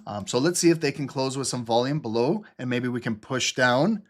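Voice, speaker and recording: A man at an ordinary middle pitch runs a live trading stream, talking loosely and casually. He drifts into jokes and asides and swears without a second thought. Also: animated, a little fast. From Canada. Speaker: trading livestream host. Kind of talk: casual live market commentary.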